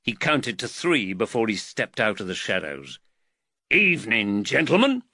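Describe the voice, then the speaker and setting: A male audiobook narrator delivers scripted narration with measured, expressive storytelling. His lowish voice is bright, his intonation lively, and the recording is dry and close-miked with no echo.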